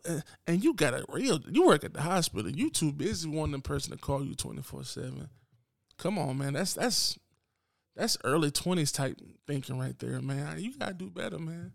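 A man hosts his podcast in a blunt, unapologetic solo rant, talking straight at his listeners. His voice sits a little high with a gravelly, fry-laden edge. The sound is dry and close. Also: lively intonation, moderate pace, dry recording. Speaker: podcast host.

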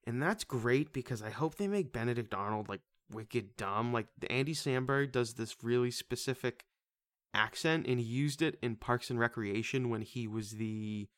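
A man co-hosting a casual movie podcast, excitable, swearing casually and laughing often. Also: medium pitch, normal speed, no echo. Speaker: podcast co-host. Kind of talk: casual movie-review chat.

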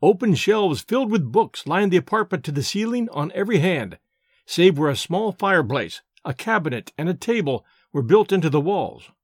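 A man narrating a first-person novel as an audiobook, expressive and storytelling in manner. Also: high-pitched, normal speed, dry recording, studio quality.

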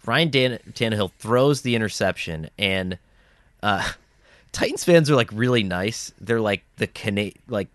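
A man's voice: lowish voice, lively intonation, unhurried, fairly bright tone, dry recording, studio quality. A man co-hosting a sports podcast, telling rambling stories in casual chat and laughing as he talks. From US Northeast. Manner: rambling storyteller, laughs mid-sentence. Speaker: podcast co-host.

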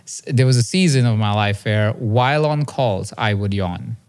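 A man's voice: fairly low pitch, normal speed, darkish tone. Earnest man telling a personal story. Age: 30s. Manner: earnest and confessional, with frequent "right?" checks. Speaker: podcast host and coach.

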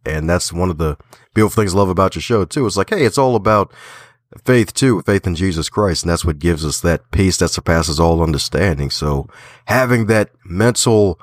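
Here the same Baltimore guest, an author and podcaster with a faint Southern twang, speaks expressively at a moderate pace in a low voice. The casual interview is recorded dry, and he stays folksy and cheerful with frequent laughter.

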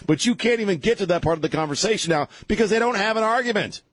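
A man's voice: high-pitched, expressive, quick pace, no room sound. A man hosting talk radio, ranting sarcastically through an opinionated monologue and often restarting his sentences.

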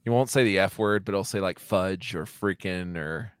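A man's voice: low voice, moderate pace, clean tone, no room sound, clean studio sound. Swearing, laughing man in casual chat. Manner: animated, laughing, swears freely.

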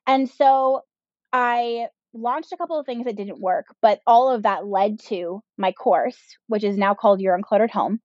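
A podcast guest in her thirties who runs a business recounts her personal story openly, full of "like" and "um" fillers. She has a darkish mid-range voice at a moderate pace, with no room sound, and the audio is dull and slightly lo-fi.

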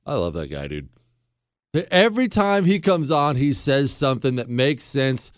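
A man's voice: mid-range voice, sing-song, normal speed, no echo. A man hosting a talk radio show in a sarcastic, self-mocking joking manner, speaking into a studio mic.

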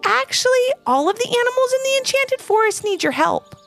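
A woman's voice: very high voice, big pitch swings, fairly quick, creaky, fairly bright tone, faint music behind, pitched above the performer's own voice, full character voice. A woman voicing a small, polite talking squirrel who chatters in a friendly way, in a storybook reading.

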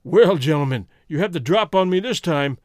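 A man voicing a brash, grieving American outlaw who talks loud and defiant, with an American accent. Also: a little high, lively intonation, moderate pace, no room sound, clean studio sound, close to an everyday voice. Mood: fierce.

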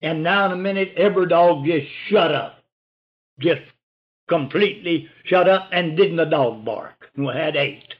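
An older man tells a hunting story in a rambling, folksy oral-history style, dropping to a hush for the whispered lines. His voice is fairly high-pitched at a moderate pace. The recording is dull and lo-fi.

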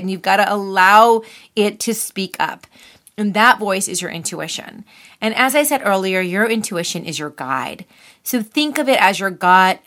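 A woman giving a casual motivational talk, lively and conversational, acting out the inner voices she talks about. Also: mid-range voice. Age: adult with children. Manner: animated, acts out inner voices, says "y'all". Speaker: motivational speaker.

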